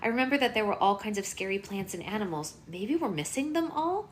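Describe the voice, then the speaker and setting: Calm, soft-spoken girl for a storybook read-aloud, done by a woman. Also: mid-range voice, brisk, a little hiss or hum, lightly acted. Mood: thoughtful. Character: girl Alex, calm and thoughtful.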